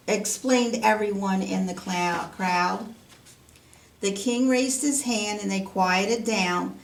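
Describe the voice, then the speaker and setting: A woman's voice: on the low side, steady tone, slow pace. A woman teaching Sunday school, reading a rhyming children's story aloud in a sing-song cadence. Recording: roomy, from a distance.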